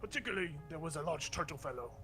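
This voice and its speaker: Bossy beefy guard with a mustache, a man puts him on: brusque, cursing, bright-toned. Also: a little high, lively intonation, racing, soft background music. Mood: brusque orders. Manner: brusque, swears casually.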